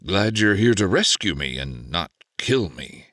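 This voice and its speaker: A guarded young nobleman in a storybook reading, hesitant and grumbling, as a man puts him on. He speaks slowly, with a low voice that rises and falls a lot, in a dry, close sound. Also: big pitch swings, fairly bright tone, dry recording, heavily acted. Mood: doubtful.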